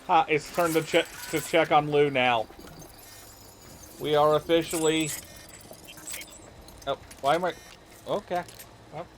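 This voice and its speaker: A man streaming a video game live, muttering to himself and bursting into excited shouts. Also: fairly high pitch, unhurried, pauses often, slight background noise. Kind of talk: live let's-play commentary.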